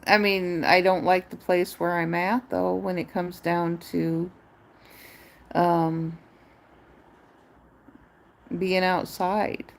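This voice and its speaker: A woman's voice: lowish voice, flat delivery, takes it slowly, gravelly, long pauses. A woman live streamer chatting in a rambling, musing way, drifting into wordplay.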